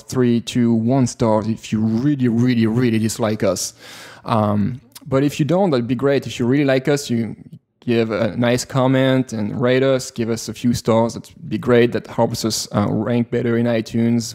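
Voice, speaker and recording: A man with a French accent co-hosting a tech podcast in a relaxed, rambling way with many fillers. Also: mid-range voice. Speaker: podcast co-host. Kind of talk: casual podcast chat.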